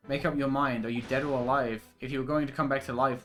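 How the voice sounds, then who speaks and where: A man's voice: mid-range voice, fairly even intonation, quick pace, few pauses, a bit bright, soft background music. Crude joking male streamer. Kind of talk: casual gaming commentary.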